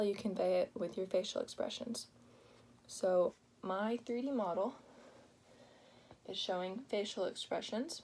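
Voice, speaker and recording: A young woman walks through her class project in a slow, easy delivery, leaning on "like" and pausing as she explains. The recording has a faint noise underneath. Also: medium pitch, gravelly, warm tone. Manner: explains plainly, with pauses and filler "like". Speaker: student presenting a project. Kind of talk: informal class presentation.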